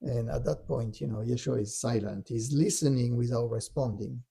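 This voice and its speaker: A man telling a spiritual story in relaxed conversation, often adding "you know" and "right". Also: medium pitch, moderate pace, vocal fry, breathy edge. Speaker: storyteller guest.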